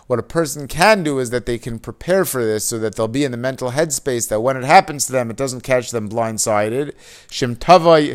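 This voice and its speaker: A man with an ordinary middle pitch and a clean tone teaches Torah, reading passages from a Hebrew mussar text aloud before explaining them. His explanations are in casual English, loose and conversational, packed with "you know," fillers, and restarts.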